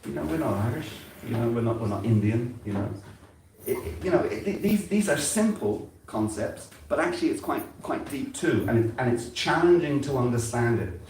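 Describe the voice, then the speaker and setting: An older man from England giving an informal sermon at a temple, talking conversationally and halting often, repeating words and using fillers. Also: medium pitch, lively intonation, darkish tone, a little hiss or hum. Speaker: spiritual speaker at a temple gathering. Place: temple hall. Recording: very echoey hall, heard from a distance.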